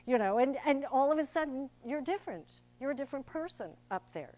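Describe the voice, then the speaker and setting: With a high, slightly mellow voice, big pitch swings and a brisk pace with barely a pause, an older actor-director addresses an audience. Her talk is chatty and theatrical, and she acts out the voices she quotes.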